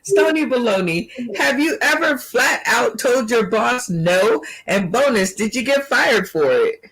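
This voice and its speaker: A woman's voice: on the high side, lively intonation, measured pace, a bit bright, breathy edge, rough recording. A woman hosting an online comedy panel, asking questions with laughing, exclaiming reactions. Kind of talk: quiz-style show hosting.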